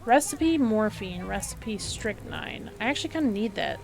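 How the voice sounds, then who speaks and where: A woman's voice: mid-range voice, very animated, normal speed, vocal fry, soft background music. A woman streaming a video game, chatting as she plays, thinking aloud and reading the game's dialogue out. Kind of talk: live gameplay commentary.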